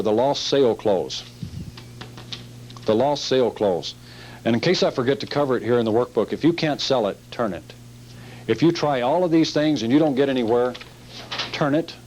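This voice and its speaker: Male sales trainer, seminar delivery, emphatic, repeats points, mid pitch. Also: a little mellow, slight background noise, low-quality recording. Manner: emphatic and repetitive, acting out scenes.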